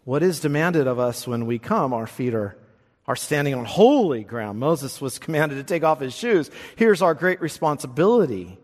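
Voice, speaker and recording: A man's voice: fairly high pitch, big pitch swings, moderate pace. A male pastor preaching a sermon with emphatic delivery, often repeating words as he presses a point. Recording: long hall reverb.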